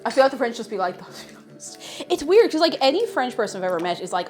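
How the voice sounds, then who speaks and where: A woman's voice: on the high side, sing-song, fast talker, soft background music. A woman telling self-mocking anecdotes in a casual live stream, with many fillers.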